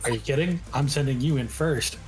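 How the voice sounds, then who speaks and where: A man speaking in a tabletop game, gruff and mocking. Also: mid-range voice, fairly quick, soft background music. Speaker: player.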